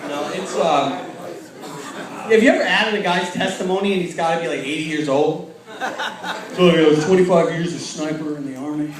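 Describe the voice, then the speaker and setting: A young man doing stand-up, telling self-mocking stories and acting out quick quotes. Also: fairly high pitch, crowd noise. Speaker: stand-up comedian. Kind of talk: stand-up comedy. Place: large hall with a laughing audience. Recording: echoey hall taped from far off.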